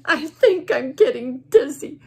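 A woman's voice: very high voice, huge pitch swings, brisk, voice pushed up, exaggerated voice. A woman voicing a miserable, dramatic little storybook bird who wails and sobs. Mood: wailing. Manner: wailing, sobbing.

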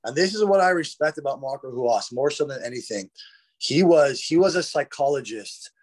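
A man's voice: medium pitch, expressive, normal speed. A man as a podcast guest, telling stories in a rambling, profane way, full of "bro" and "dude". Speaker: guest, retired fighter. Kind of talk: casual storytelling. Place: podcast conversation.

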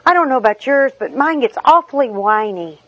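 A woman's voice: high-pitched, big pitch swings, a little fast, fairly bright tone, no echo, dull audio. A middle-aged woman, giving a personal recovery talk in a humorous, chatty storytelling manner with asides. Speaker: recovery meeting speaker.

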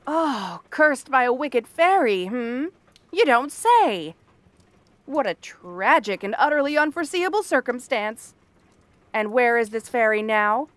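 A woman's voice: medium pitch, a bit bright, no echo. A woman voicing a cranky, bratty cursed frog-girl princess in an ASMR role-play, talking in a dry, sarcastic, probing way.

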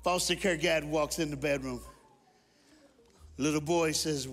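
A man guest-preaching at a church service, telling stories and calling on the congregation to respond, swinging from shouts to hushed tones. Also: a little high, steady tone, measured pace, long pauses. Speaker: guest speaker. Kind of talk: sermon.

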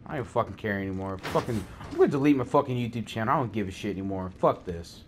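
Young male gamer, sweaty and seething, cursing nonstop with a lively, jumpy delivery. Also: fairly low pitch, very fast, hardly any pauses, a little hiss or hum. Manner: furious, swearing, shouting at teammates. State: sweaty and worked up. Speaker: gamer streaming gameplay. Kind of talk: angry gaming rant.

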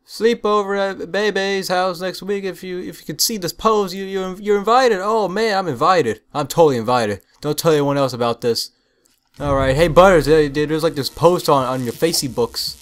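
A young man giving casual let's-play commentary, full of excited, puzzled exclamations. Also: fairly high pitch, normal speed. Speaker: gameplay commentator. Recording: game music under voice.

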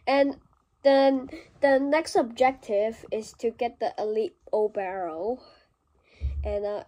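Slow-talking, higher-voiced woman gamer. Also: fairly even intonation, mellow. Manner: rambling, self-mocking, jokey. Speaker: gameplay vlogger. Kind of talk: casual gameplay commentary. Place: small desk at home.

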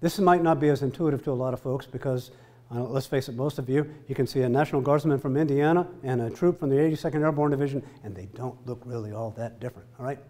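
A man's voice: medium pitch, fast talker, warm tone. A middle-aged man giving a joking, emphatic lecture to military students, often asking his listeners rhetorical questions.

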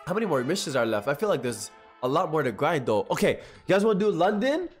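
Animated young man streaming a game. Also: on the high side, fast talker, soft background music. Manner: loud, animated, swings from shouting to muttering. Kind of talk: live gameplay commentary.

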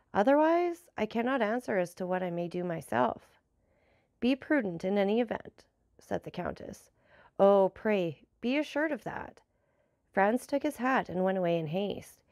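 A woman narrating a classic novel aloud, measured and lightly voicing the dialogue. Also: medium pitch, vocal fry, a little mellow, dry recording, clean studio sound. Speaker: audiobook narrator.

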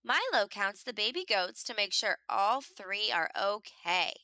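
A woman reading a children's picture book aloud in an expressive storytelling manner, making the animal sounds herself. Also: medium pitch, unhurried, no echo.

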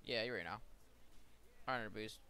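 A young man chatting casually while playing a game with a friend, excitable, swearing freely and breaking into laughter. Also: lowish voice, brisk. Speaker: gamer streaming with a friend. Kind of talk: casual gaming chat.

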